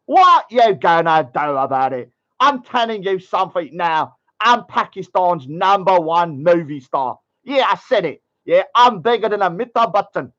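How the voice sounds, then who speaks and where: A man's voice: high-pitched, a bit bright, highs cut off, voice pushed down, heavily acted. A man voicing a boastful, taunting young man in a sing-song mocking voice.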